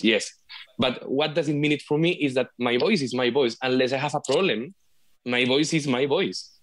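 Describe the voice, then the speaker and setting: Spanish-accented man, halting interview talk. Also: medium pitch. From Spain. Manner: halting, many restarts and repeated words. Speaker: flute player guest. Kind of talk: casual video call interview. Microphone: video call.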